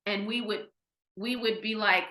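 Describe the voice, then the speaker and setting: Forceful, bright-voiced woman telling her story. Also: medium pitch, unhurried. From Ohio, US. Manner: animated, acts out quoted dialogue, frequent restarts. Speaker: podcast guest. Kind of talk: candid personal storytelling. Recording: roomy echo.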